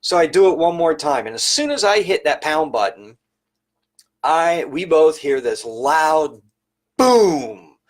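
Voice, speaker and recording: A man's voice: a little high, lively intonation, slow. A middle-aged man giving a live-streamed talk as an educator, telling workplace stories in a conversational, emphatic storytelling manner. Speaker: private service educator.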